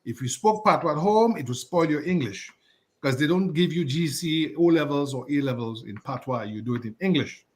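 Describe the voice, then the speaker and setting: A man, a guest on a radio talk show who reminisces in a scholarly, digressive and measured way. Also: a little high, expressive, darkish tone. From Dominica. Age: 60s.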